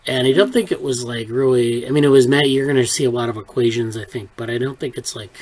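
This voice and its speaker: A man chatting casually in an online lab meeting, his voice at an ordinary middle pitch. He rambles, circling back with fillers and restarts as he thinks aloud. The sound comes through a video call. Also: fast talker, a little mellow, low-quality recording. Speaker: research group leader.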